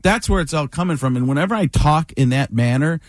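Male comic, 40s, from Wisconsin, animated and laughing, lively pitch, slightly high for a man. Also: a little fast, no echo, clean studio sound. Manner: animated, laughing storyteller who acts out voices. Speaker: comedian guest. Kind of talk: casual storytelling interview.

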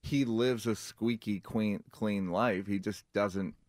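A man's voice: lowish voice, slow pace, no echo, studio quality. A man guest on a radio talk show, telling stories with lots of fillers and acting out quotes. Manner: animated storyteller, fillers, acts out quotes. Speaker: comedian guest. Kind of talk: casual radio chat.

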